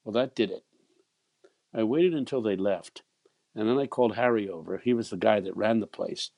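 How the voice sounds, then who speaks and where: Fairly low in pitch, with vocal fry and a darkish tone, an elderly preacher in his eighties speaks at normal speed with no echo. His personal anecdote is full of repeated words and little chuckles.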